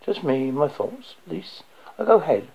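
A man reading a dark first-person story aloud, low and intense, sometimes dropping to a whisper. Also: big pitch swings, moderate pace, vocal fry, slightly rough. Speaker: audiobook narrator. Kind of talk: first-person audiobook narration. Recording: dull lo-fi recording.

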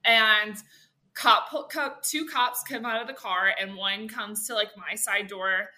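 A young woman telling a story in casual chat, animated and full of fillers, acting out what people said. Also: mid-range voice, takes it slowly. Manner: animated, filler-heavy, acts out quotes.

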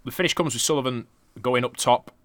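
A man's voice: mid-range voice, brisk, fairly bright tone, no room sound. A man co-hosting a podcast, recapping matches in a laid-back, dry way with casual swearing. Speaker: podcast co-host.

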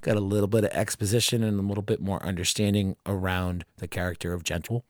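Low-voiced man chatting casually. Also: level tone, fast talker, dry recording, studio quality. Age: 30s. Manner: rambling, profane, joking. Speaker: podcast host. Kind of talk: casual podcast chat.

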